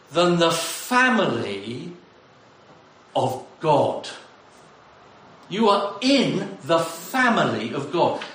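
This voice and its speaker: A man's voice: high voice, fairly bright tone. A man preaching a sermon to his congregation, exclamatory and addressing them directly. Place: church hall. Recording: echoey hall from far off.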